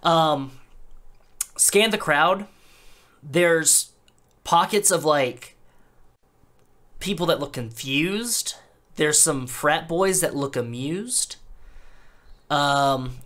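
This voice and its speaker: A man's voice: on the high side, slow, a bit bright. A man narrating as game master in a tabletop game, loose and full of fillers.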